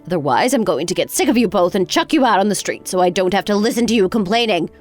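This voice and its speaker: A woman's voice: medium pitch, expressive, fast talker, faint music behind, lightly acted. A woman voicing a harsh, sarcastic older mother-in-law in a dramatized story. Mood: scornful. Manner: cutting, sarcastic.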